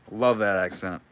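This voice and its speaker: A man's voice: fairly low pitch, a bit bright, clean tone. A man running a live online auction, calling bids and chatting casually with viewers between lots. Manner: chatty, jokey, reads out bids and names viewers.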